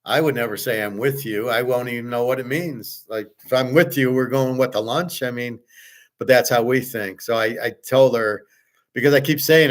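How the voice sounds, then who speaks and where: A man's voice: mid-range voice, moderate pace. A middle-aged man hosting a casual talk, rambling and blunt, repeating himself, stumbling on words and swearing now and then. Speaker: host. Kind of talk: casual chat to viewers.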